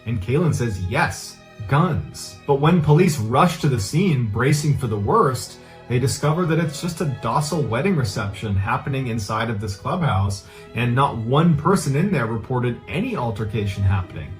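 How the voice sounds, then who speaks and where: A man's voice: mid-range voice, lively intonation, normal speed, soft background music. A man narrating a true crime case in a casual, earnest, conversational way. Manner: casual, earnest retelling with loose phrasing. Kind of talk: conversational storytelling.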